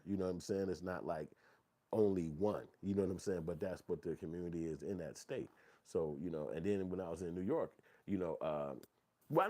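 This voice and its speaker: A middle-aged man, telling stories in casual, profane commentary and reading viewer comments. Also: husky. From Chicago. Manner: profane, animated storytelling, acts out quotes in a high voice. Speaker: channel host.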